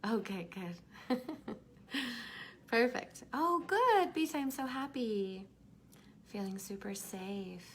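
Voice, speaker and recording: A woman teaching a live online class, leading a soft, slow guided meditation that drops at times to a whisper, then chatting fondly with the group, her voice gravelly from smoke. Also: mid-range voice, slight background noise. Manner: affectionate, calls listeners darlings. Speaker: workshop teacher.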